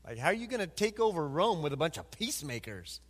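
A man preaching a sermon as pastor, animated and acting out quoted voices. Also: on the high side, fast talker, breathy edge, in a large hall.

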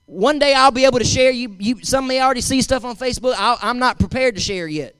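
High-voiced preacher, emphatic and dry. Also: male voice, fast talker, fairly bright tone, clear, resonant tone, no room sound. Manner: emphatic and repetitive, addressing the congregation directly. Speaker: pastor. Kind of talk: sermon.

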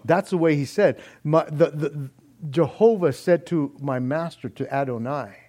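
Slow-speaking, earnest man preaching a sermon. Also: fairly high pitch, warm tone. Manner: earnest, emphatic teaching with scripture reading. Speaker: pastor. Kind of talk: expository sermon.

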